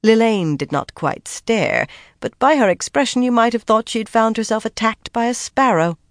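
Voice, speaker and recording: An audiobook narrator giving steady, measured scripted narration of a fantasy story. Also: mid-range voice, no room sound, studio quality.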